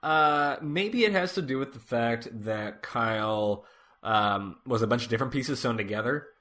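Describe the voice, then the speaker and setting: A man co-hosting a casual podcast, recapping a TV episode in a relaxed way, with lots of fillers. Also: medium pitch, moderate pace. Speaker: podcast co-host.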